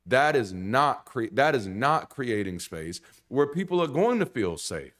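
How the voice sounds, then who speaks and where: A man preaching in a conversational sermon style, blunt and animated, swearing casually and restarting sentences. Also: medium pitch, measured pace. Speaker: pastor.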